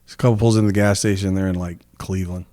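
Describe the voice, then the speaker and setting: A man co-hosting a comedy podcast, his voice sitting a bit low. He tells jokes loosely, circling back and restarting as he goes. The sound is dry and close to the mic. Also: fairly even intonation, rapid-fire, warm tone, no echo. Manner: rambling joke-telling with restarts. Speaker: podcast co-host. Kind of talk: casual comedy podcast chat.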